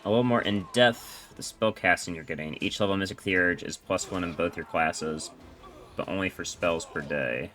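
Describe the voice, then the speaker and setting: A man's voice: low voice, normal speed, a bit bright. A man casually commenting while he plays a role-playing game, swearing and explaining game mechanics.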